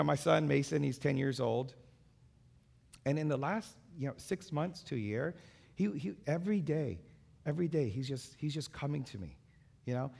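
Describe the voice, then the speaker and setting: A man's voice: medium pitch, creaky, darkish tone. A man, a pastor and father, giving a sermon in a conversational way, with many fillers and repeated phrases.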